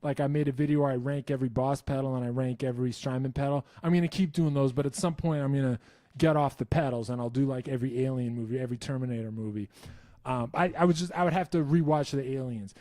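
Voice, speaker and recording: A man's voice: mid-range voice, fairly even intonation, fast, dark tone, no echo, clean studio sound. A man hosting a casual live stream, answering viewer questions in a rambling, self-interrupting way with wry enthusiasm.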